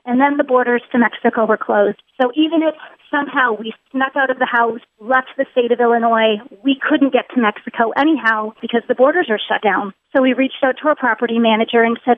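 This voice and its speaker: A woman's voice: a little high, fairly even intonation, brisk, hardly any pauses, no room sound. A woman calling in to a talk show, telling her story in an earnest, aggrieved way and stacking up repeated points for emphasis. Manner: earnest and aggrieved, builds emphasis through repetition. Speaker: caller. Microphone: telephone. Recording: tinny phone line.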